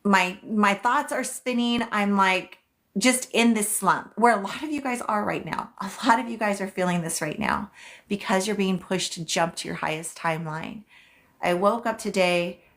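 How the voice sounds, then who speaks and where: A woman's voice: medium pitch, normal speed. A woman hosting a casual psychic livestream, chatty and loose, who swears and repeats phrases for emphasis. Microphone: phone.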